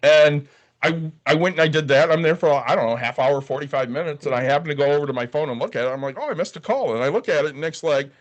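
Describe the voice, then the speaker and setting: A man's voice: on the high side, fast talker, dull audio. A man co-hosting a podcast, telling a long story in a casual, profane way and acting out the other people's lines. He sounds worn out after a short night's sleep. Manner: profane, animated storytelling with quoted dialogue. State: tired from little sleep. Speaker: podcast co-host. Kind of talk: casual chat.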